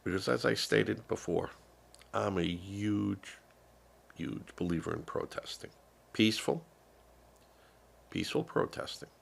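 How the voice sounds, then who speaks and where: A man's voice: sits low, unhurried, gravelly, slightly rough. An older man from the United States who is feeling unwell, giving rambling, sarcastic political commentary with lots of fillers on a live stream.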